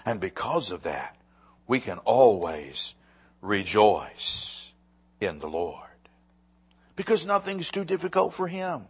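A middle-aged man preaching a sermon as pastor, animated and swinging from loud emphasis to hushed asides, often repeating words as he speaks. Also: fairly low pitch, takes it slowly, long pauses, husky.

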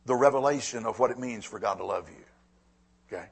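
A man's voice: on the high side, expressive, brisk, husky. A man preaching a sermon, earnest and repeating phrases for emphasis. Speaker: pastor.

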